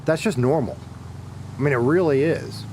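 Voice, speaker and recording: A middle-aged man from the Deep South with a Southern US drawl talks loosely to his stream audience as he plays. He rambles and restarts his sentences, and he lets out a curse now and then. His voice sits at an everyday middle pitch. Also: moderate pace, a little mellow, a little hiss or hum. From Deep South of the United States. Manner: rambling and self-correcting, with bursts of cursing. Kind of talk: casual chat to viewers while gaming.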